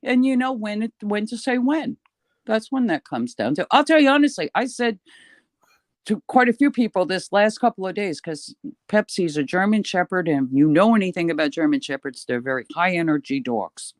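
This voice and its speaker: A man's voice: high-pitched, moderate pace, dry recording. Chatty older man from New York. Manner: chatty storyteller, lively and swearing now and then. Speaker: guest. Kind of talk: casual chat.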